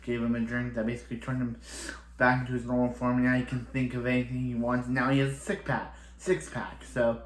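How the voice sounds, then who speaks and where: A man in an echoey room talks at an ordinary mid pitch. He retells a TV episode in a loose, rambling way and keeps circling back on himself. His sentences are chained together with repeated fillers as he works through the plot. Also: completely flat delivery, fairly quick, slight background noise. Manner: rambling, repeats "so he's like" a lot. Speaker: TV show reviewer. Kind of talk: casual episode recap.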